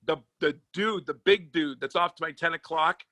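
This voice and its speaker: High, bright-voiced male comic storyteller. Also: moderate pace, no echo. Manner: profane, punchy storyteller. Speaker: comedian and sports agent guest.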